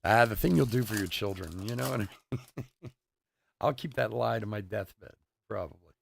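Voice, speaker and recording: Hosting a live card break, a middle-aged man with a lowish, creaky voice talks at normal speed, telling stories and laughing frequently in casual stream chat. His desk mic on a stream setup picks up slight background noise.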